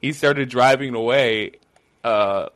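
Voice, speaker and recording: A man's voice: medium pitch, slow pace, fairly bright tone. A man hosting a podcast in casual chat, swearing freely and laughing often as he retells scenes. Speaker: podcast host.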